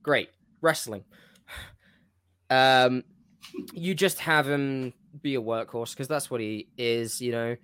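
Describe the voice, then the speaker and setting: A man's voice: medium pitch, slow, pauses often, fairly bright tone, clear, resonant tone, dry recording. Man, podcast co-host, rambling, loses his thread, dry close sound. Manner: rambling, self-interrupting. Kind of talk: casual wrestling fantasy-booking chat.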